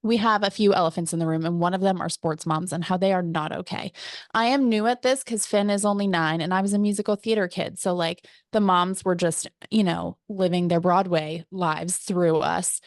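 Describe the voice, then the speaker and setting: A woman's voice: on the low side, steady tone, normal speed, no echo, clean studio sound. A woman in her thirties hosting a podcast, chatting casually with dramatic, theatrical flair. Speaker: podcast host. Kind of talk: casual comedic chat.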